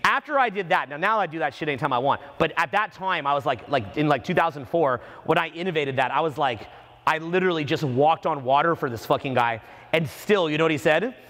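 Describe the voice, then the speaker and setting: A man, a dating coach, telling stories to a live seminar audience, profane and animated. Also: a little high, fast talker, hardly any pauses. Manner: profane, animated, acts out the people in his stories. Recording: long reverb of a seminar hall.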